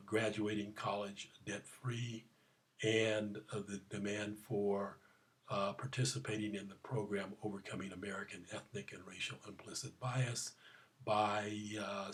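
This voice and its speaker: A man talks to his listeners in a loose, unscripted way, stumbling through frequent "uh" fillers. He tells little joke stories and acts out the people in them with loud, high-pitched cries for help. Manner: halting, many "uh" fillers, acts out quoted voices loudly. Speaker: program creator telling stories. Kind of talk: casual spoken message with jokes.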